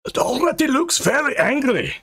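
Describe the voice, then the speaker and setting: A man's voice: big pitch swings, moderate pace, fairly bright tone, dry recording, full character voice. A man voicing a brash, alarmed archer. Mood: retorting. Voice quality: high, tense.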